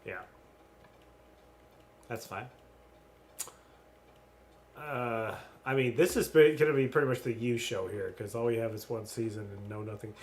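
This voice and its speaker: A man co-hosting a casual chat, rambling and animated when he tells an anecdote. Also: mid-range voice, a little slow, long pauses. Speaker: podcast co-host.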